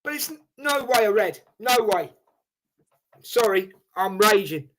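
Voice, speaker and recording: A man hosting a live football watchalong, reacting with animated exasperation and calling everyone "mate". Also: sits high, measured pace. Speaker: watchalong host.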